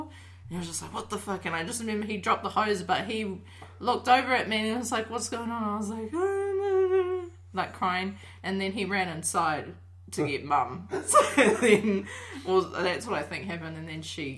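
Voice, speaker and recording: A woman telling childhood stories in casual chat, laughing often and acting out what people said. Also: on the low side. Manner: laughs often, animated quoting with cries. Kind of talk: casual storytelling among friends.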